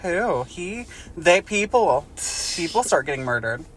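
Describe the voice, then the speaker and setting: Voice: medium pitch, big pitch swings, measured pace, slight background noise. Blunt, sweary podcast co-host. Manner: blunt and profane, mocking their own writing. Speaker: podcast co-host, author of the book. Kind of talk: casual chat.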